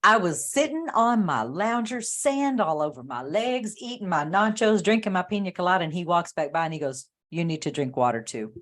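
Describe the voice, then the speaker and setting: A woman co-hosting a podcast over a video call, telling stories in a casual, animated way. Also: medium pitch, moderate pace, few pauses. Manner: animated storyteller, acts out the voices in her stories. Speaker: podcast co-host. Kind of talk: casual chat.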